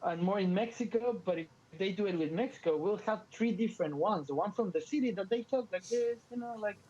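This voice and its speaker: A Latino man, a native Spanish speaker with a Latin American accent, co-hosts a podcast full of casual banter and jokes, sounding animated and playful. His voice sits high and moves a little fast. The audio is dull, with a faint hiss or hum.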